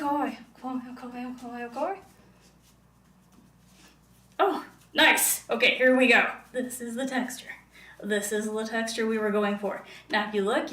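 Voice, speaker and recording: A woman with a slightly higher voice talks slowly and playfully through a cooking stream, slipping into sing-song meows. She sits back from the mic, so her voice carries the echo of a roomy home kitchen. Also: a bit bright, distant mic. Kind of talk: casual live-stream cooking chat. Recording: echoey room, voice from afar.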